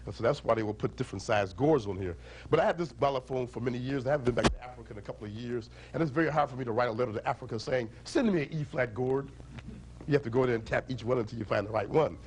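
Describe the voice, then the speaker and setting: A very fast-talking man with a mid-range voice performs as a storyteller and musician at a library event, with noise in the background. He livelily teaches children about instruments and storytellers and gets them joining call-and-response chants.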